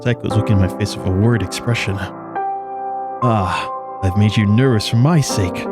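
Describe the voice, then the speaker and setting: An anxious, lovesick young student pours out an earnest inner monologue, as a man reads his lines. The voice sits low and stays plain and unforced. Game music plays clearly behind it. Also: normal speed, natural voice. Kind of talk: reading game dialogue aloud.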